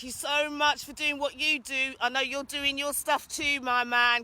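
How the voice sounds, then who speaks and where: A woman's voice: sits high, little pitch movement, measured pace, very noisy. A British woman giving an urgent, impassioned rant in an outdoor vlog, calling out to people passing by. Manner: urgent, exhorting, calls out to passers-by. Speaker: vlogger.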